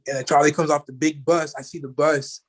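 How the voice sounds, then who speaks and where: A man's voice: on the high side, flat delivery, a little fast. A man guest telling a personal story in casual chat, rambling with lots of fillers. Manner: rambling, many fillers like "you know" and "like".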